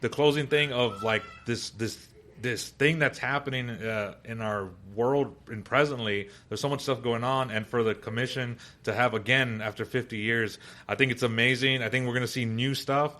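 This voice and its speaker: A man's voice: mid-range voice, fairly even intonation, moderate pace, bright, forceful tone. A rambling, jokey male podcast host. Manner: rambling, jokey, with many restarts. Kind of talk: casual panel chat.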